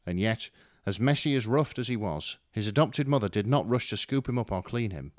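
A man's voice: fairly low pitch, lively intonation, a little fast, dry recording, clean studio sound. A man reading a fan story aloud with dramatic, wry narration. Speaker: story reader. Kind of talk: expressive fan fiction reading.

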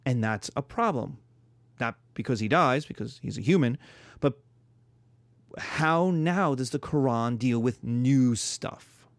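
Lively man lecturing a history class. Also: mid-range voice, slow, dry recording. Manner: animated storytelling, acts out quarrels in voices. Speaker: history teacher.

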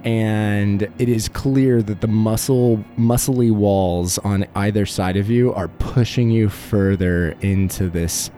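A man's voice: on the low side, fairly even intonation, takes it slowly, few pauses, dark tone, soft background music. A man narrating a tabletop horror game as game master, with vivid, playful description.

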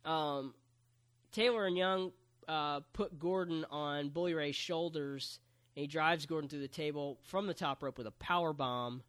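A man's voice: fairly high pitch, unhurried, fairly bright tone, smooth, no room sound, clean studio sound. A man co-hosting a casual podcast, recapping at length with many ums and uhs. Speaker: podcast co-host reviewing wrestling. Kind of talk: casual chat.

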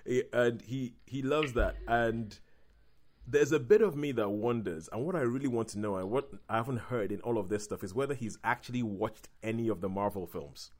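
Guy chatting about movies, lively, does funny voices for quotes. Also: medium pitch, moderate pace. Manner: animated, acts out quotes in exaggerated voices. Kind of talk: casual chat.

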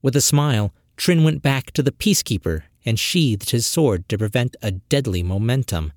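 An audiobook narrator, a professional with a mid-range voice, reads a fantasy short story in a measured, expressive storytelling style. The recording is dry and of studio quality.

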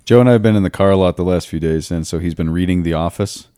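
A man's voice: low voice, fast, dark tone, clear, resonant tone, dry recording, studio quality. A man who hosts a priest podcast, telling stories in an easygoing, casual way. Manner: easygoing storyteller.

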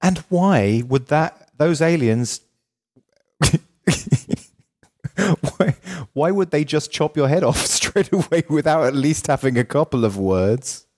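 A podcast co-host, a man, talks in a lively voice whose pitch swoops up and down. He questions everything in rapid-fire bursts, in a loose, casual chat.

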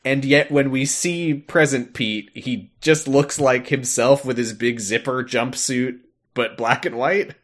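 A man's voice: medium pitch, measured pace, few pauses, fairly bright tone. A man co-hosting a podcast, chatting casually while recapping a video game, laughing often and dropping into silly voices when he quotes characters. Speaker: podcast co-host.

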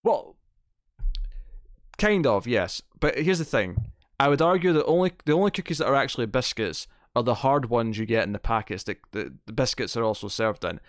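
A man co-hosting a podcast, chatting casually and giving animated, opinionated takes with jokes along the way. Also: mid-range voice, no room sound, studio quality. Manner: animated, opinionated, quick to joke. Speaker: podcast co-host. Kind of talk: casual chat.

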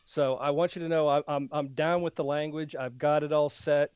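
A man's voice: fairly high pitch, steady tone, moderate pace, a little mellow, clear, resonant tone, no echo, highs cut off. A man from the United States co-hosting a podcast, joking in an offhand way during casual chat. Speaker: podcast co-host.

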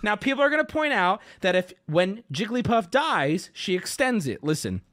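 A man's voice: sits high, big pitch swings, normal speed, fairly bright tone, slight background noise. A man streaming live, ranting at his chat in an exasperated, profane, argumentative way. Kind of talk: livestream rant to chat.

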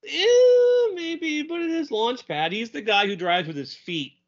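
A man co-hosting a casual podcast, lively and laughing often, quoting characters in goofy voices. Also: extremely high pitch, measured pace. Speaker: podcast co-host. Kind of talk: casual chat. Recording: dull lo-fi audio.

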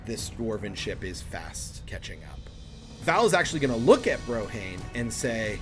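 A man's voice: lowish voice, sing-song, normal speed, soft background music. A man narrating as dungeon master of a tabletop role-play podcast, telling the scene and talking with players.

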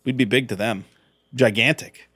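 A man's voice: mid-range voice, fairly even intonation, moderate pace, fairly bright tone, slightly rough, no echo, clean studio sound. A man co-hosting a casual movie review podcast, rambling and joking as he recaps the plot. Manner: rambling, joking, self-interrupting. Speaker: podcast co-host.

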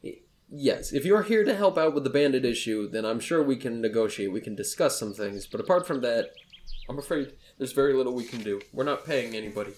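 A man's voice: medium pitch, animated, fairly quick, darkish tone, close to an everyday voice. A man playing a hesitant, stammering tower keeper. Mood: cautious. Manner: stammering, apologetic.

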